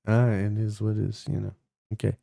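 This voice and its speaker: Speaking fairly low with little pitch movement, this young Canadian streamer sounds brisk and creaky on a very noisy recording. He rambles casually at his viewers, cursing often and filling his talk with fillers and restarts.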